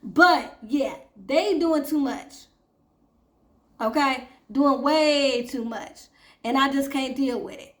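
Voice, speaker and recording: High-voiced woman recapping a TV show. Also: takes it slowly, a bit bright, echoey room. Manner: chatty, addresses viewers as y'all. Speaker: TV recap host. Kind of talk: casual TV recap and review.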